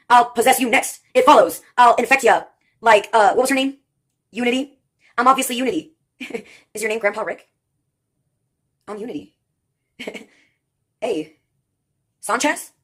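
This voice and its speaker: Woman riffing a goofy comedy monologue, bit higher voice, laughs at her own jokes. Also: a bit bright. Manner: absurd free-associating, frequent laughs at own jokes. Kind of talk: rambling improvised comedy monologue.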